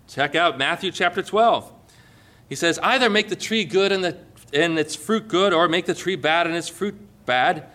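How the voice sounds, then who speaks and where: A man's voice: high voice, pushed and bright. A man preaching a sermon as a pastor, reading scripture aloud and driving his points home with emphatic force.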